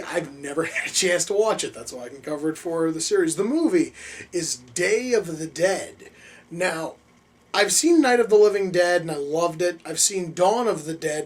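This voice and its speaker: A movie reaction host giving casual commentary, excitable and profane, openly relishing the gore. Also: mid-range voice, slightly rough. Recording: distant mic with faint music behind.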